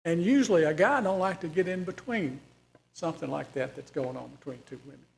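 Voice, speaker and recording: A man's voice: a little high, fairly quick, vocal fry. A man leading a Bible study in a folksy, conversational way, putting questions to the class. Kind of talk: informal Bible study teaching.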